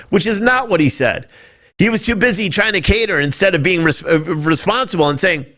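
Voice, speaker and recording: A man's voice: high-pitched, brisk, pushed and bright. A man hosting a live-streamed political talk show, ranting in a loose, profane way and breaking into mocking impressions.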